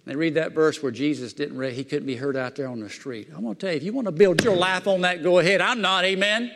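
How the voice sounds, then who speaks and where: A man preaching a sermon in a fervent, folksy way, swinging between loud excitement and quiet asides. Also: a little high, fast talker, slight background noise. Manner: folksy plain-spoken preaching. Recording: long hall reverb.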